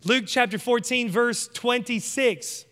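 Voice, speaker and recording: High-voiced, bright male preacher. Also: takes it slowly, in a large hall. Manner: emphatic, conversational, addresses congregation directly. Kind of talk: sermon.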